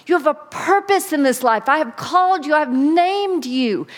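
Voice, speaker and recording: A woman's voice: sits high, expressive, normal speed, big-room sound, voice pushed up. A woman preacher voicing God as a loving father, with fervent, rising assurance.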